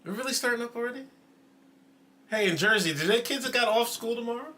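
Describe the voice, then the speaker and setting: Host type, male, bright voice, animated casual storyteller who eats on air. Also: very high-pitched, fast. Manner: snacking and chewing while talking. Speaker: show host. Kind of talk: casual livestream chat.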